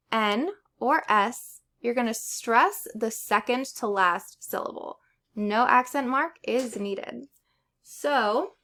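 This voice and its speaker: A woman teaches a Spanish pronunciation lesson, laying out each rule deliberately. Her voice sits a little high, and she speaks slowly, pausing to say each example word as a model. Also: fairly bright tone. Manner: slow, deliberate explanation with model words. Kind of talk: spoken language lesson.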